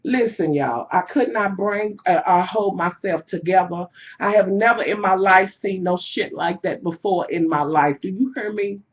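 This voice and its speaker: A woman vlogger telling a story to her viewers in a casual, animated, profane way, talking straight at them. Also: mid-range voice, moderate pace, breathy edge, highs cut off.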